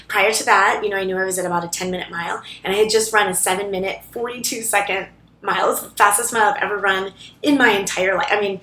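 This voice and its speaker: A woman's voice: mid-range voice, steady tone, fast talker, pushed and bright. A woman chatting casually to camera in a rambling way, with lots of fillers and restarts, recorded in a co-working office library. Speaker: vlogger. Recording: echoey room.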